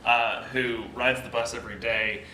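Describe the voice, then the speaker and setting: A man's voice: medium pitch, level tone, moderate pace, bright, forceful tone. A man chairing a board meeting, easygoing and a little apologetic as he runs through procedure. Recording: echoey room with clear background noise.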